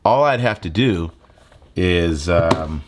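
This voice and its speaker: Young male tech creator, low voice, relaxed filler-heavy delivery. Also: slow, noisy background. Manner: relaxed, conversational, lots of fillers. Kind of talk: casual gear tutorial. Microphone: handheld phone mic.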